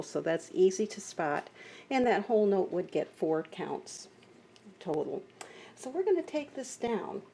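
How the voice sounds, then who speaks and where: A woman's voice: medium pitch, mellow, a little hiss or hum. A woman teaching a beginner piano lesson, patiently explaining note values and chanting counts aloud.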